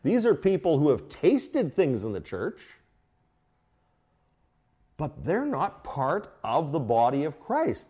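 A middle-aged male pastor preaching an expository sermon, questioning his congregation and swinging between emphatic bursts and quiet asides. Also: a little high. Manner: animated teaching, asks the congregation questions. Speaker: pastor teaching a Bible study.

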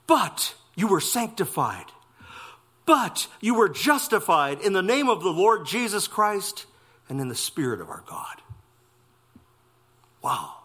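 Yeah a guy preaching in church, bright high voice, slow and punchy on the big lines. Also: slightly rough. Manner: emphatic, exclamatory preaching with slow stressed phrases. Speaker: pastor. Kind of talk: expository sermon.

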